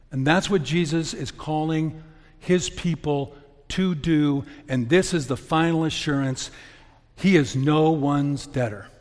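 A man's voice: a little high, a little mellow. A middle-aged man preaching a sermon as pastor, in a conversational storytelling way. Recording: long reverb of a church hall.

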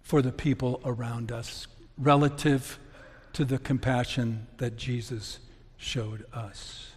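Slow-talking man preaching a sermon. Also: medium pitch, flat delivery, slightly rough. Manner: slow, conversational storytelling preaching. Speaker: pastor. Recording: long reverb of a church hall.

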